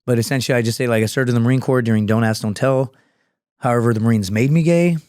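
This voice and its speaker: A former Marine scout sniper turned comedian, in his thirties, guests on a podcast and tells stories in a casual, rambling chat, swearing freely and jumping between tales. He talks fast in an ordinary middle pitch, his tone clear, resonant and a little mellow. The recording is close and dry, with no room sound at all.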